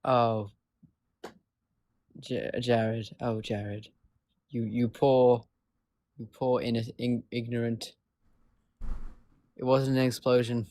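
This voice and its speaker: A man calmly debating in a casual chat, earnest and a bit halting. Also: medium pitch. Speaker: guest debater.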